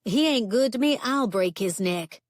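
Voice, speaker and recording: A woman's voice: fairly high pitch, expressive, moderate pace, no room sound, studio quality, close to an everyday voice. A woman voicing a blunt, sassy young bar owner who talks in a teasing, down-to-earth way.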